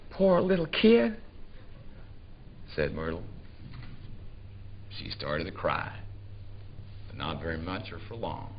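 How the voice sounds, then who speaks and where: A man's voice: deep voice, wildly swooping pitch, slow pace, pauses often, dull audio, slight background noise, heavily acted. A man giving a live dramatic reading as a coarse, uneducated rural man from the South, telling his tale with an earthy, drawling relish. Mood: gleeful. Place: theatre stage before a live audience.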